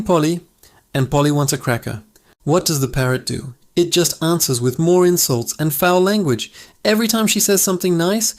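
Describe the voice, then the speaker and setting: A man tells a joke as scripted narration, with a voice sitting a little high for a man. He keeps a lively, even storytelling pace as the channel's host. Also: creaky.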